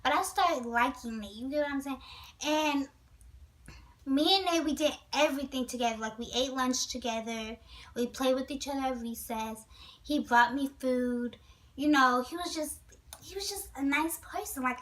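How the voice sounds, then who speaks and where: A high-voiced woman vlogger tells a storytime in a chatty, animated way. She breaks off often to speak straight to her viewers. The mic sits a little away from her. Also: moderate pace, far from the mic, poor audio. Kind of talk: storytime vlog.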